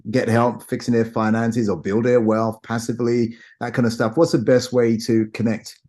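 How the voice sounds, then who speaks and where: A man's voice: mid-range voice, level tone, normal speed, a little mellow. A man hosting a business interview show, encouraging his guest, summing up his points and asking the next question. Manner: encouraging, laughs along, sums up points. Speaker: podcast host.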